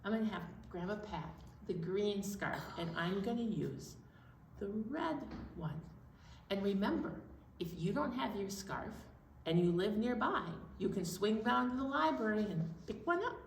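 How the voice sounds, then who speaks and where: A woman's voice: mid-range voice, moderate pace. A woman librarian leading a children's storytime in an upbeat, encouraging way. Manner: upbeat, animated and encouraging, addressing kids. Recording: echoey room, distant mic, faint noise.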